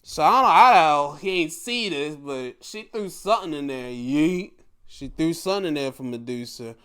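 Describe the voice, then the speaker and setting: Animated man with lively pitch. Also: normal speed, clear, resonant tone. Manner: animated, profane, acts out scenes in voices. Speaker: show host. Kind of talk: casual wrestling recap.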